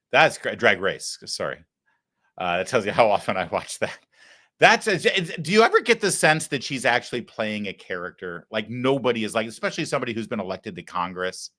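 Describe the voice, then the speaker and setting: A man hosting a live political talk show, mocking and sarcastic in a loose conversational way. His voice is bright and forward, at an ordinary middle pitch.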